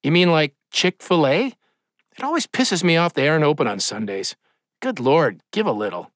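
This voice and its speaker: A man's voice: fairly high pitch, big pitch swings, moderate pace, a bit bright, dry recording, clean studio sound. A man voicing a casual, irreverent male god who waves off his own old rules. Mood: offhand. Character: blunt folksy male deity, easily bored.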